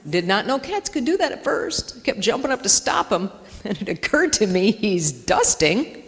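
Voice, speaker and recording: Her voice is medium-pitched and sing-song at a normal speed as this stand-up comedian works through a chatty, self-deprecating set. Recorded live in a church hall with plenty of reverb, she plays out conversations in comic voices.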